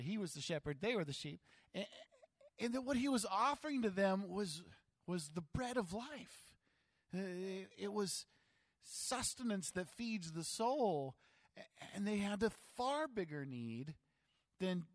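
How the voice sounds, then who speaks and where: Male pastor, slightly high voice, chatty and animated sermon delivery, long hall reverb. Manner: conversational, animated preaching with asides and voiced quotes. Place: church sanctuary.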